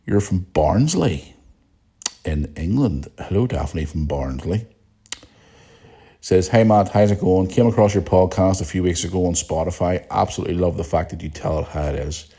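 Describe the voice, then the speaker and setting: An Irish man with a low, dark voice chats casually as a podcast host. He speaks bluntly, swears freely and chuckles often as he reads out listener messages. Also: normal speed, slightly rough.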